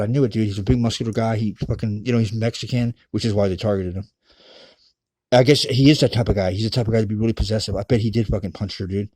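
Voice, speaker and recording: A man's voice: medium pitch, dark tone, no room sound. A man telling a rambling personal story in a casual, profane, emphatic way.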